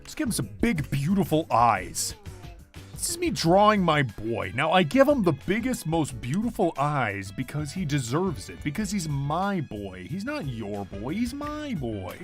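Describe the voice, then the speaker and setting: Faint music plays behind a young man whose voice sits on the high side and moves a little slowly. While drawing on a livestream, he chats casually and animatedly, reads viewer comments out loud, and laughs frequently.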